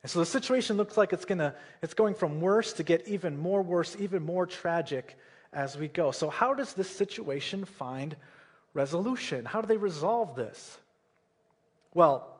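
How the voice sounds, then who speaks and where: A man's voice: fairly high pitch, animated, normal speed, husky. A man preaching a sermon, retelling a Bible story in a casual way and often checking in with "right?" and "okay?".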